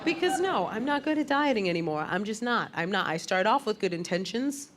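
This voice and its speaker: Her voice sits at medium pitch but swings widely, and she moves fairly quickly through her stand-up material. She acts out other people's voices in punchy stories, recorded live at a comedy club amid crowd noise and laughter.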